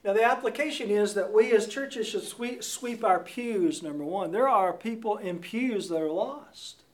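A man's voice: sits high, measured pace. A man preaching a sermon in a church, emphatic and repeating his key words, recorded from a distant mic in a roomy space.

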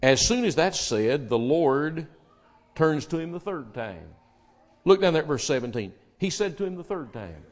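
A man with a fairly high voice delivering a sermon. He preaches with loud emphasis to his listeners, then drops to a soft, hushed voice when retelling dialogue. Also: sing-song, moderate pace.

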